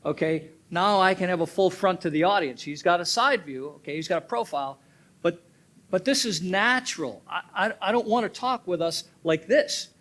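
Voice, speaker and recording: A man leads a drama workshop in a fairly high voice. He explains stagecraft in a teaching tone. He drives home each point by repeating it and checking in with "okay?". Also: moderate pace, fairly bright tone. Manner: instructive, tags points with "okay?"; repeats key points for emphasis. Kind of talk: teaching seminar.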